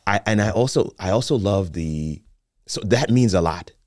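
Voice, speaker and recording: A man's voice: deep voice, expressive, normal speed, no echo, studio quality. A man hosting a morning devotional, responding to the speaker in a casual, affirming way with frequent restarts. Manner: warm affirming, restarts and repeats words. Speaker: host pastor.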